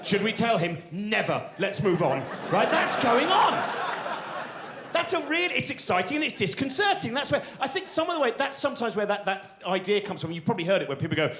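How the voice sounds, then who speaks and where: A middle-aged comedian telling stand-up stories, excitable and acting out the voices of people in them. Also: male voice, a little high, fairly quick. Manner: animated, excitable, acts out voices of people in his anecdotes. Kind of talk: stand-up storytelling.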